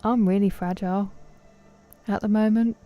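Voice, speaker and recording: A young woman giving casual commentary while streaming a game, chatting with her viewers and reacting loudly. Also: medium pitch, steady tone, moderate pace, muffled recording, soft background music.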